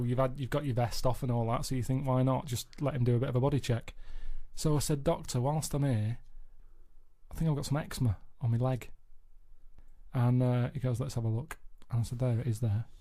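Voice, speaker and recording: A man talks on studio radio in a mid-range voice, deadpan and matter-of-fact. He rambles through his story with restarts and asides, never rushing the point. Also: medium pitch. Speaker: radio show regular. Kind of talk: casual radio chat, telling a story.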